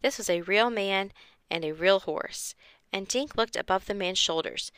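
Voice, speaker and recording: A woman's voice: mid-range voice, normal speed, a bit bright, clean tone, no echo. A woman reading a children's chapter book aloud and acting out the characters' voices. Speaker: reader.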